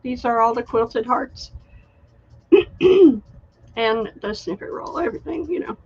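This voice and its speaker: A woman hosting a live online craft sale, chatty and unhurried, showing handmade items and reading out winning bidders. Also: a little high, animated, a little mellow, slightly rough, dull audio. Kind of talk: live online sales stream.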